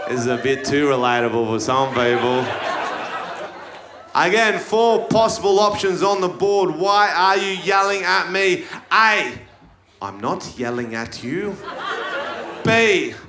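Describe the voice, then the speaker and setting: A man doing a stand-up routine in a quiz-show style, bursting into shouted punchlines. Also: sits high, measured pace, background noise. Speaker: stand-up comedian. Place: live comedy venue. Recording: roomy live venue with crowd. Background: audience laughter.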